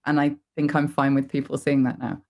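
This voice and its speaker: A woman's voice: a bass voice, level tone, a little fast. An English woman, a voice actress, chatting in an interview in a self-deprecating way and laughing easily. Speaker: voice actress guest. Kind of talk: casual interview chat.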